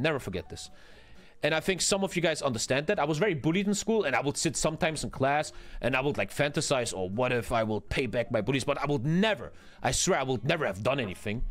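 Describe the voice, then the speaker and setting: Animated man telling a story. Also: medium pitch. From Germany. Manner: profane, emphatic storytelling with frequent repeats. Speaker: streamer host.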